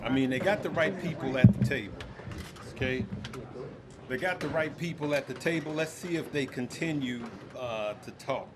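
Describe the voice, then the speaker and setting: A man's voice: mid-range voice, normal speed, very noisy. A man hosting a live stream on crypto, talking straight to his viewers and repeating his points. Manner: animated, talks to viewers as "good people", often repeats himself. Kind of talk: casual live-stream commentary.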